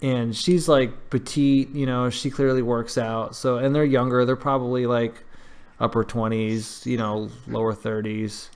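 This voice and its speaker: A man's voice: medium pitch, unhurried, clear, resonant tone. Chatty man who keeps saying dude. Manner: chatty, slangy, says dude a lot. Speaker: podcast host. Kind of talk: casual chat.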